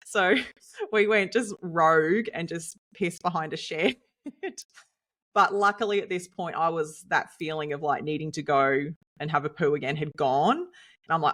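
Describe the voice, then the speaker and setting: An Australian woman co-hosting a podcast, telling a story in a lively, chatty way and laughing often. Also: low-pitched, moderate pace. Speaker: podcast co-host and nutritionist. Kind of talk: casual storytelling chat.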